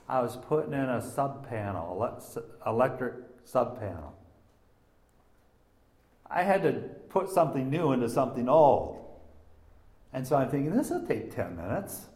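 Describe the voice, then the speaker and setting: A man teaching an informal sermon from a personal story, animated and halting, swinging between loud emphasis and hushed speech. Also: mid-range voice, reverberant. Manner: halting, restarts sentences. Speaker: Bible teacher.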